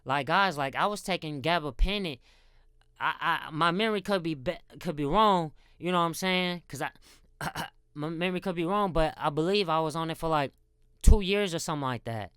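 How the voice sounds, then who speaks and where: A man's voice: a little high, normal speed, pushed and bright, smooth, no room sound, studio quality. A man giving a rambling casual faith talk, often repeating words and calling his viewers guys. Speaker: Christian content creator.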